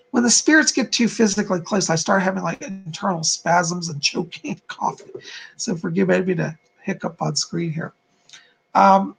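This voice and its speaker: A man's voice: sits high, vocal fry, husky. A man hosting a live-stream of psychic readings, speaking soothingly to viewers and calling them darling and hon. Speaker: psychic medium host.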